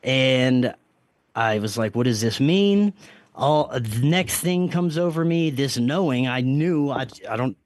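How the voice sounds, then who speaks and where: Speaking unhurriedly at a medium pitch, this podcast guest earnestly recounts a strange experience in a casual interview. He restarts often and quotes his own self-talk, and there's no room sound.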